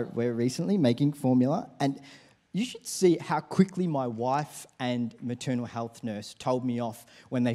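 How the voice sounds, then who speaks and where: A man's voice: mid-range voice, darkish tone. A man preaching a sermon in church, leading the congregation in call-and-response. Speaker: pastor.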